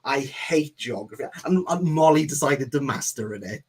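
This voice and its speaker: A man's voice: mid-range voice, moderate pace, husky. A man on a podcast, telling a rambling comic story and acting out the people in it. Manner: animated, rambling, acts out quoted voices. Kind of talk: casual chat, comic storytelling.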